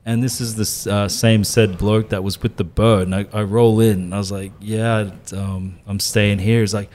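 A man's voice: lowish voice, steady tone, normal speed, hardly any pauses, darkish tone. A man with a mild Welsh accent, telling rugby tour stories in casual, sweary podcast chat. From Wales. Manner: sweary, laddish storytelling.

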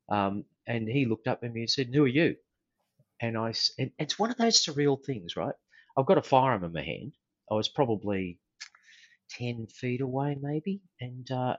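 A husky, very deep-voiced Australian man recounts an old story in an easygoing, anecdotal way, with plenty of ums and restarts. The sound is dry and a bit dull and lo-fi. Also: no room sound. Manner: unhurried, anecdotal, with frequent fillers and restarts. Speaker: guest, former police officer. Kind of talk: casual storytelling in an interview.

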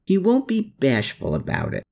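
An earnest, doubting army captain, as a male narrator plays him, with the voice lifted above the reader's own. He questions and presses his point with a lively, moving pitch. It is read like a storybook. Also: normal speed, gravelly, a little hiss or hum, full character voice. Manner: questioning, insistent.

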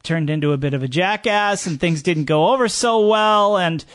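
Talkative man with a bright, dry voice. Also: high-pitched, normal speed, no room sound. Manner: rambling storyteller, fillers and restarts. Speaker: guest, gondola company owner. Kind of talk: casual podcast chat.

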